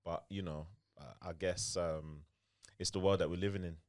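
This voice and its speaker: A young man, a podcast guest talking in a laid-back, measured way. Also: low voice, fairly even intonation, no room sound, clean studio sound. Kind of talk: casual chat.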